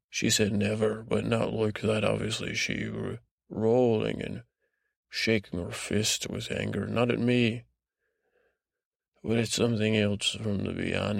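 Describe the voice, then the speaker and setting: A man with a deep, gravelly voice rambles through a bedtime story in a vaguely Scottish put-on lilt. His slow, drowsy delivery keeps stalling on repeated words and restarts, and the sound is close and dry. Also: no echo. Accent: put-on vague Scottish-ish lilt. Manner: meandering, halting, full of restarts and repeated words. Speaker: podcast host. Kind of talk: rambling improvised bedtime story told in first person.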